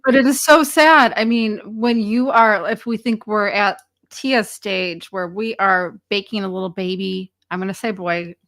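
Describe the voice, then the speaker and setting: A woman's voice: medium pitch, fairly even intonation, a little slow, hardly any pauses, a bit bright, no echo, clean studio sound. A woman hosting a podcast, speaking with passion and emphatic urgency to her guest and listeners. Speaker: podcast host. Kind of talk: podcast conversation.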